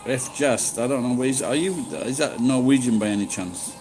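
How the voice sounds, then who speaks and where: A man's voice: medium pitch, normal speed, darkish tone, faint music behind, low-quality recording. A middle-aged man chatting casually with live-stream viewers, rambling and swearing freely. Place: living in Japan.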